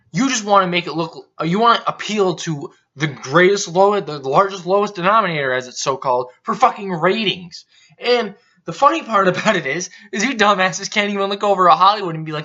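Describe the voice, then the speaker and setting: A man ranting in a heated, sweary, sarcastic voice that sits fairly high. His tone is sharp and tense, and the lo-fi recording dulls the sound. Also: animated, a little fast. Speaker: vlogger. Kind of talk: angry profane rant. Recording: dull lo-fi recording.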